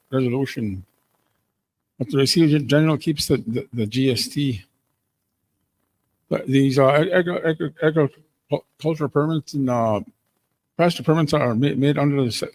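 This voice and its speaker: Male presenter, mid pitch, halting delivery with frequent restarts, faint noise behind. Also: a little mellow. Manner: halting, many stammered restarts. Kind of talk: short presentation.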